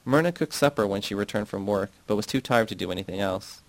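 Low gravelly male audiobook narrator. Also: expressive, quick pace, dry recording, rough recording. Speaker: audiobook reader. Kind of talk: scripted narration.

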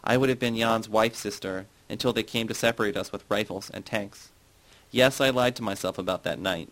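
A man's voice: on the low side, fairly quick, a bit bright, rough recording. A man reading the part of a middle-aged woman who confesses old memories, then turns sarcastic and provoking. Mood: confessional.

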